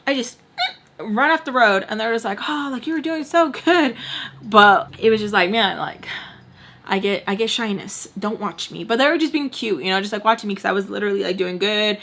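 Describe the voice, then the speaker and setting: Animated young woman telling a storytime. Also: mid-range voice, a little fast, a little hiss or hum. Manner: animated, profane, acts out the people in her story. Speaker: vlogger telling a personal story. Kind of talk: casual storytime vlog.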